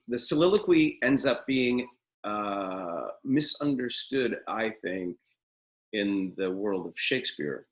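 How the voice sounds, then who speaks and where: A man's voice: fairly low pitch, fairly bright tone, low-quality recording. A middle-aged man teaching acting in a live webinar from a room at home, talking in an opinionated, rambling way with many fillers.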